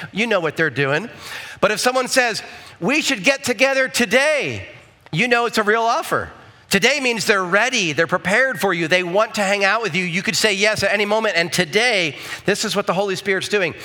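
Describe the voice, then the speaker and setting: A man's voice: sits high, pushed and bright. A male pastor preaching a conversational sermon in church, often checking in with the congregation with asides.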